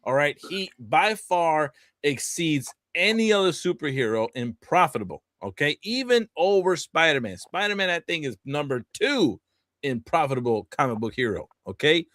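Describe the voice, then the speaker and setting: A man's voice: fairly high pitch, sing-song, moderate pace, fairly bright tone, dry recording. Profane, ranting man, dry close mic. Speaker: podcast co-host. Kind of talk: casual ranting chat.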